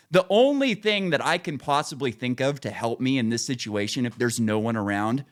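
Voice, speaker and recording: A man spinning a story on a podcast, swearing freely and jumping his voice up to play the people he quotes. His own voice sits at an ordinary middle pitch for a man. He talks in a loose, casual way. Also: normal speed. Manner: profane, animated storytelling. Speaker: podcast co-host.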